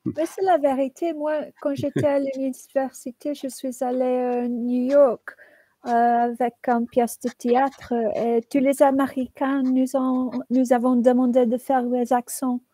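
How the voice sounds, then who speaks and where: A woman's voice: sits high, little pitch movement, normal speed, mellow, no echo, rough recording. A woman co-hosting a live stream, chatting casually and encouragingly while translating between languages. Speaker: co-host and interpreter. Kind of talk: casual bilingual live chat.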